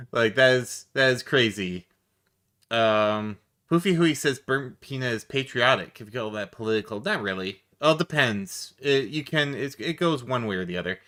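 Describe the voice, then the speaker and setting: A man's voice: medium pitch, expressive, moderate pace, fairly bright tone. A man hosting a react stream, rambling and laughing as he talks casually, with some swearing.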